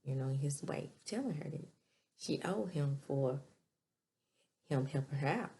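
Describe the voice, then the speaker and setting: Brief: woman TV reviewer, low and gravelly, chatty recap with quick asides. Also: expressive, dark tone. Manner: chatty, retells scenes with quick asides and laughs. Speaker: TV episode reviewer. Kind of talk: casual recap commentary.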